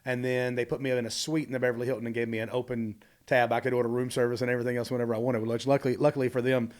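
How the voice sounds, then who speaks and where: A man guest on a podcast, telling candid stories from his life in a rambling, animated way with many asides. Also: mid-range voice, racing. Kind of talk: candid storytelling conversation.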